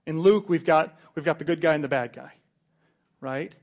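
A man preaching a sermon, earnest, repeating words and swinging between quiet, intimate stretches and loud emphasis. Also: a little high, moderate pace.

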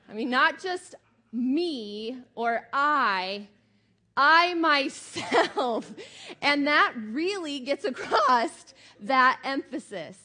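Animated woman preaching a sermon. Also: high voice, slow. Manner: animated, emphatic, conversational with many fillers. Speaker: pastor.

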